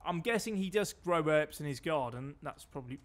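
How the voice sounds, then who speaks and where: A British man streaming and talking over his gameplay, his voice sitting a little higher than most men's. He keeps up a loose, chatty running commentary and drops dry, wry remarks. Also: expressive, a little fast. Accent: British English.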